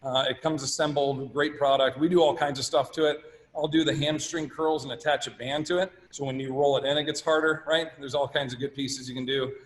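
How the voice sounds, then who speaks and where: A man's voice: mid-range voice, steady tone, fairly quick, few pauses, low-quality recording. A man presenting at a live fitness workshop and answering questions in a casual, practical way.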